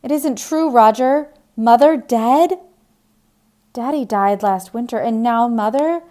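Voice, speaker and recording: A woman voicing an upset young woman who is quick to anger, her voice pitched high and pleading. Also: mellow.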